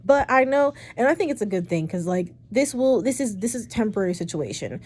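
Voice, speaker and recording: A young woman casually retelling a personal story for her vlog, chatty and rambling, with frequent swearing and animated asides. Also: mid-range voice, a little fast. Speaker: storytime vlogger.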